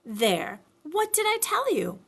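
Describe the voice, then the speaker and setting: A brisk, motherly mother kangaroo speaks cheerfully, soothing yet firm, as a woman puts her on while reading a storybook aloud. Her bright voice moves lively up and down. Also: high-pitched, gravelly, voice pushed up, heavily acted.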